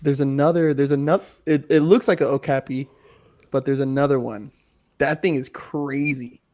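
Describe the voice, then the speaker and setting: A man's voice: medium pitch, steady tone, moderate pace, darkish tone. A young man co-hosting a casual podcast, rambling and laughing, often trailing off mid-sentence. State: has hiccups. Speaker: podcast co-host. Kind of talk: casual chat.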